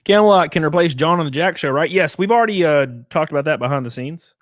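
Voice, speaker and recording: A man's voice: fairly high pitch, expressive, fairly quick, dry recording, studio quality. A man live-streaming, chatting casually with his viewers, swearing, laughing and thanking them as he goes.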